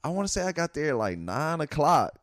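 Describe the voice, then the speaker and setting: A man's voice: a little high, big pitch swings, fairly quick, dry recording, studio quality. A man, a comedian who hosts an open mic, talking in a laid-back, rambling way and laughing a lot. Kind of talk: casual chat.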